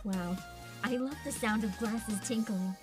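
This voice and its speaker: A young woman live-streaming a game from home, giggling, excitable and swearing often. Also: medium pitch, unhurried. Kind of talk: casual live-stream gaming chat. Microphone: desk mic with headphones. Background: game music.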